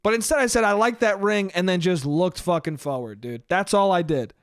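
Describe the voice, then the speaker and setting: A man's voice: sits high, a little fast, no echo, clean studio sound. A man hosting a solo podcast, telling a story in a casual, profane, self-deprecating way and saying "dude" a lot. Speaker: podcast host.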